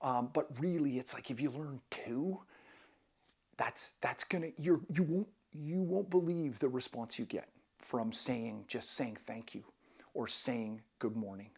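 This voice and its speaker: Gravelly, husky-voiced man chatting enthusiastically. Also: mid-range voice, lively intonation, a little slow, a little mellow. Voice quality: enthusiastic, rambling, many restarts. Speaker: travel vlogger. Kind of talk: casual travel tips to camera.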